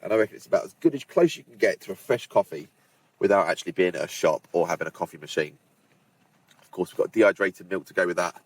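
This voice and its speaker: Out on the windy fells at a campsite, this man vlogs about hiking, chatting straight to his audience in a low-sitting voice. He talks fast, keeps things chatty, and drops in relaxed asides as he speaks to the camera.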